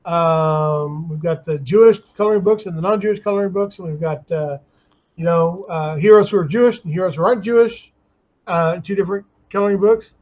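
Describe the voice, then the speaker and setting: A man's voice: sits high, fairly quick, darkish tone, dull audio. A man in casual chat, rambling and chatty, with many restarts. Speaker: guest, comics artist.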